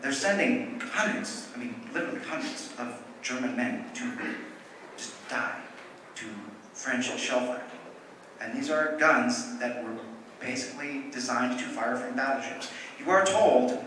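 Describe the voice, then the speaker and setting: A drunk man telling a war story at a convention panel, rambling and correcting himself with animated bursts. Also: medium pitch, measured pace. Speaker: panel presenter telling history. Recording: echoey hall, from far off, noisy.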